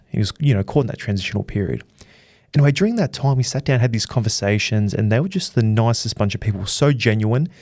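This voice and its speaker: Chatty low-voiced man. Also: darkish tone, dry recording, studio quality. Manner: chatty storyteller, many fillers and restarts. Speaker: boxing channel host. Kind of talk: casual recap to camera.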